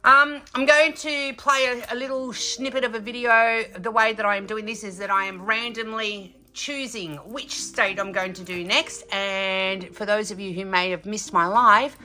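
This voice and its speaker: A woman's voice: mid-range voice, fairly even intonation, moderate pace, hardly any pauses, bright, forceful tone, soft background music. A chatty Australian woman vlogging from home about her craft project, bubbly and a little out of breath. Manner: chatty, bubbly, talks to her pet between remarks. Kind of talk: casual chat to camera.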